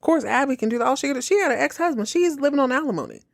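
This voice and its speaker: A woman hosting a podcast, reacting to a TV episode in casual, exasperated commentary, cursing freely and slipping into quick mocking impressions. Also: high-pitched, gravelly, dry recording, clean studio sound. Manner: animated, exasperated, swears freely, mocks characters in quick impressions. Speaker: podcast host reacting to a TV show.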